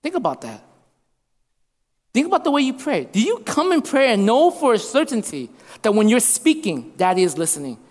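A man's voice: very high-pitched, huge pitch swings, moderate pace, a little mellow. A man in his thirties preaching a sermon as a pastor, repeating lines for emphasis. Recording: long reverb of a hall.

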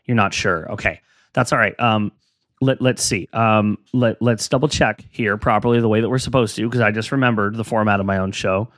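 A man's voice: on the low side, fairly even intonation, brisk, fairly bright tone, no room sound, studio quality. A young adult man hosting a casual solo podcast, rambling and self-deprecating while he encourages his listeners. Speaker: podcast host.

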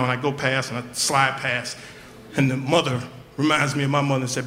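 A man telling a profane, comic story on stage at a live show, in an animated way. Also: mid-range voice, fairly quick, slight background noise. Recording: echoey live venue.

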